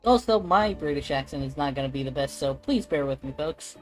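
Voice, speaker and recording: A woman's voice: sits low, lively intonation, fairly quick, darkish tone, faint music behind, low-quality recording. A woman streamer reacting chattily to a game during a live stream. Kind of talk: live gaming stream commentary.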